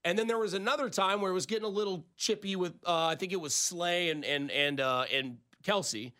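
Guy on a sports talk show, kinda high voice, really animated, acting out quotes as he makes his point. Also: fairly quick. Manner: animated, builds arguments with analogies and acted-out quotes. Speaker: sports radio co-host.

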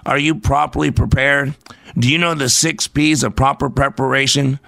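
A man's voice: mid-range voice, steady tone, moderate pace, vocal fry, sharp tone, no echo. A man hosting a motivational radio show as a leadership coach, speaking with an emphatic, preacher-like cadence.

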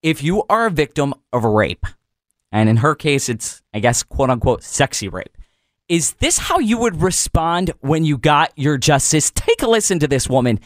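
Mocking talk-radio host, dry studio sound. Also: male voice, on the high side, big pitch swings, dry recording. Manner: quick, mocking, agreeable toward guest.

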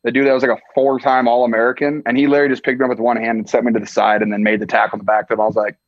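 A young tight end from Iowa in the US Midwest chats casually as a podcast guest, his medium-pitched voice flat and very fast. The recording has no echo and cut-off highs; he's laid-back, sprinkling in "like" and "dude."

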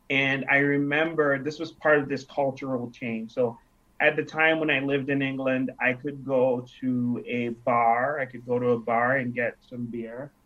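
Speaking in a mid-range, slightly bright voice, a man from Nigeria in his thirties shares reflective stories during a casual interview, voicing the quoted lines himself. The sound quality is dull and lo-fi.

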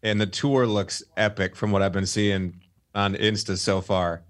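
A man's voice: fairly low pitch, little pitch movement, unhurried. A man hosting a podcast, asking questions in a friendly, casual way, often restarting his sentences. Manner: friendly, stumbling questions, laughs easily. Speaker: podcast host. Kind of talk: casual interview chat.

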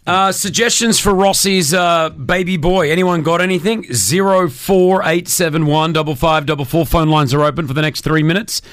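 A man's voice: on the high side, moderate pace, few pauses, a bit bright, no echo, clean studio sound. A man hosting radio, joking and teasing his co-hosts in casual banter. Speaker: radio host.

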